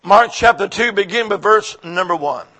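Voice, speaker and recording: A male preacher with a high, bright, ringing voice delivers a sermon. He tells stories with lively energy and breaks into shouted praise for the congregation. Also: moderate pace.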